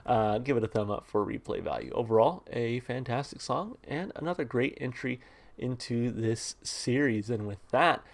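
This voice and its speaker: A man hosting a music reaction channel, talking through a song in a relaxed, rambling way and reading its lyrics aloud. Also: medium pitch, moderate pace, vocal fry. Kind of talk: casual music review talk.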